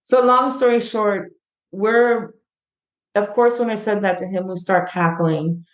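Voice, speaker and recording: A woman's voice: mid-range voice, a little slow, lo-fi sound. Earnest woman telling a story, roomy sound. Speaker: guest, founder of a gratitude platform. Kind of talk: heartfelt storytelling in an interview.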